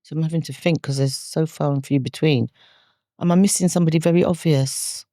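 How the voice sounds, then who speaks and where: A woman talks as a guest on a casual podcast, playful and animated, laughing easily. The studio sound is dry and close. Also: low voice, fairly quick, dry recording. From London, England. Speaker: guest, comic actress.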